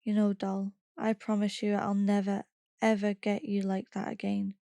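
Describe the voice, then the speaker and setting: A woman reading aloud the quoted lines of a blunt, frightened man in her own flat voice. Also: mid-range voice, normal speed, vocal fry, no room sound, studio quality, close to an everyday voice.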